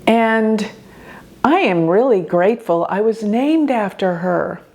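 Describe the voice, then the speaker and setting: An older woman hosting an astrology show, telling a personal story in an earnest, expressive way. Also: mid-range voice, slow pace. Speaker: astrologer host.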